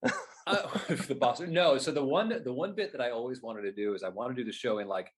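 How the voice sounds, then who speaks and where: A man from New Jersey and New York, a performer guest telling animated stories in casual interview chat and laughing easily. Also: mid-range voice, fast talker, breathy edge.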